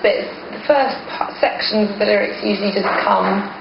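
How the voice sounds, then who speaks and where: A woman's voice: mid-range voice, normal speed, gravelly. A woman in a band, chatting casually in an interview, often laughing and joking. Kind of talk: casual chat. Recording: muffled, noisy, echoey old recording.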